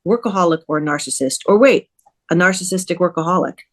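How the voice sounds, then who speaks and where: A woman reading aloud from her novel and voicing a bold divorced woman who makes blunt, quick quips. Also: on the low side, natural voice. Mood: teasing. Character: bold, teasing divorced woman in a women's group.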